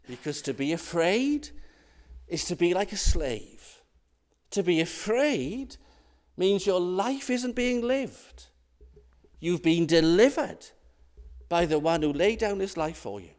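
A man delivers a sermon in a slow, deliberate way, leaning hard on his rhetorical questions. His voice sits high and swings widely in pitch. A long reverb trails his words around the church. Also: animated, darkish tone. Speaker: preacher.

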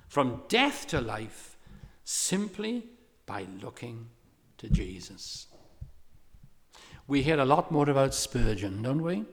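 A man preaching a sermon, telling a story with lively emphasis and pressing his hearers with questions. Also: medium pitch, takes it slowly, long pauses. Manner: animated storytelling preacher, rising to impassioned exhortation. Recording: long hall reverb.

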